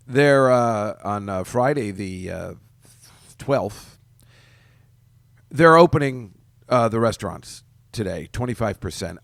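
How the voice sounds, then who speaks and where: A man's voice: fairly low pitch, no echo, clean studio sound. A man hosting a podcast, telling casual stories in a rambling, self-interrupting way with frequent chuckles. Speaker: podcast host. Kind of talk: casual solo podcast chat.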